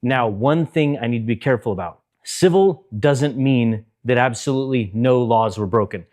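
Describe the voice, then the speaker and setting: A middle-aged man speaking straight to his viewers in earnest, deliberate commentary, weighing his words with care. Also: medium pitch, a little mellow. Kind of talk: direct-to-camera commentary.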